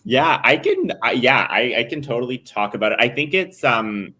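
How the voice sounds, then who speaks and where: A man's voice: mid-range voice, lively intonation, normal speed, pushed and bright. A man speaking as a panelist in a discussion, thoughtful and a little hesitant.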